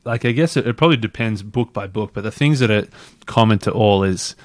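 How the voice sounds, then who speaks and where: A man's voice: fairly low pitch, a little fast, no room sound. A man guest on a podcast, talking casually and rambling with lots of fillers and restarts. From Australia. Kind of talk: casual interview chat.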